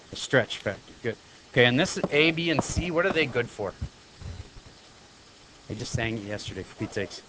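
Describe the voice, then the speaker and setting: A man teaching a high school math class, lecturing in a chatty way and firing quick questions at his students. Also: a little hiss or hum, rough recording.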